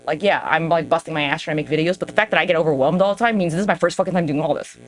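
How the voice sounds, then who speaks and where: A woman's voice: sits low, racing. Profane, rambling woman talking to viewers. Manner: profane, rambling, self-mocking; talks straight to viewers. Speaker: podcast host. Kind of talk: casual rambling monologue.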